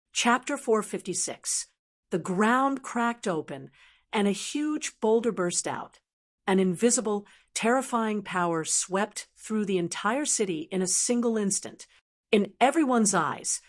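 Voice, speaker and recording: A woman narrates a fantasy novel in a steady, even reading voice. Her pitch sits in the middle, with a plain scripted delivery.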